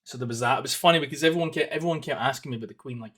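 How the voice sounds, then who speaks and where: A man's voice: medium pitch, rapid-fire, a bit bright. A Scottish man in his thirties hosting a casual solo podcast. He rambles and swears, with plenty of ums and restarts. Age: 30s. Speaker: podcast host.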